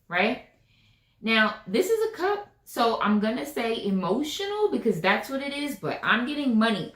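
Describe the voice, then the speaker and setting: A woman giving a casual tarot reading, chatty and emphatic, repeating her phrases and often checking in with "right?". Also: fairly low pitch. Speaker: tarot reader. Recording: echoey room.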